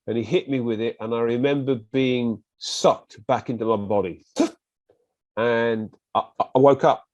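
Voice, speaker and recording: A man's voice: mid-range voice, a little slow, dry recording, highs cut off. A British man, a podcast guest, vividly retelling his story in casual conversation and acting out what others said. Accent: British English. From Britain. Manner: vivid retelling with acted quotes, animated bursts.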